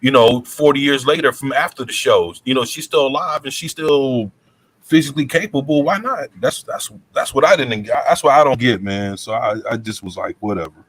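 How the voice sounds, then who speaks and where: A man's voice: medium pitch, normal speed, fairly bright tone, slightly rough. A man co-hosting a casual chat, rambling with lots of fillers and profanity. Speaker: co-host.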